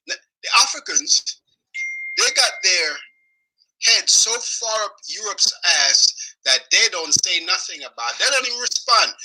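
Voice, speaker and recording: Man, furious swearing rant, sharp strained voice, raspy edge. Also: high voice, rough recording. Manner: angry, profane, shouting in bursts. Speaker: video blogger. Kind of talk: weekly rant.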